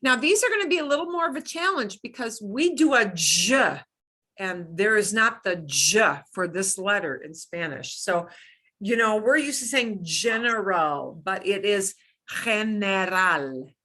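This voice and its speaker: A middle-aged woman teaching beginner Spanish, modeling each pronunciation slowly and clearly. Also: mid-range voice, animated, sharp tone. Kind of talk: beginner language lesson.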